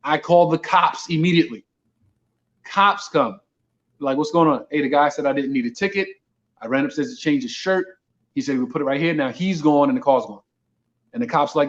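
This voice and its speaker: A man's voice: fairly high pitch, a little fast, lo-fi sound. A man from Brooklyn, a comedian telling a story casually and acting out the dialogue. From Brooklyn, New York. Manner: animated storyteller, acts out dialogue. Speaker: comedian guest.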